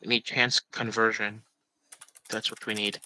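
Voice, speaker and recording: A man playing a game on stream, calmly talking through his moves. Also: lowish voice, measured pace, rough recording. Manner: calm, matter-of-fact, narrating his moves. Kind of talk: casual gaming chat.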